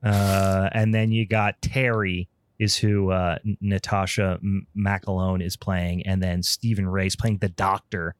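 Low-voiced guy hosting a podcast, swears a lot, rambly with lots of ums, dry close sound. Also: little pitch movement, measured pace, clean tone, no echo. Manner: profane, rambling, frequent ums. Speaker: podcast host. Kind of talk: casual chat.

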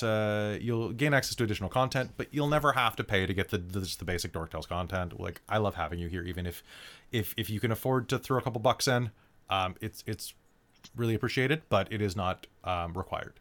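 A man closes out his tabletop game stream, talking casually as host and game master. His voice sits on the low side, and he rambles with plenty of fillers and restarts. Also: fairly bright tone. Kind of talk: casual stream sign-off chat.

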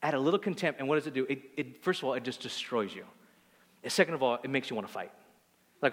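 A man preaching a sermon in an animated, conversational way, often repeating words as he gets excited. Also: fairly high pitch, a little fast, in a large hall. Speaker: pastor.

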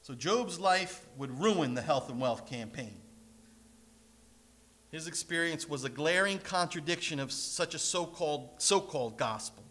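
A man preaching a sermon as pastor, animated, with sudden loud and soft passages and joking asides. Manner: animated preaching with big swings in loudness and pitch, joking asides.

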